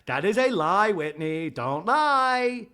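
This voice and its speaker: A man's voice: on the high side, big pitch swings, measured pace, fairly bright tone, heavily acted. A man doing an impression of a defiant, dismissive reality-star woman, with clipped, emphatic comebacks.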